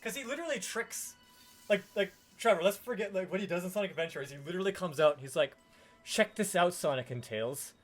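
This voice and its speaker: A man with a high voice talks very fast while co-hosting a live game stream, with faint music in the background. He rambles casually from topic to topic and likes quoting characters in put-on voices.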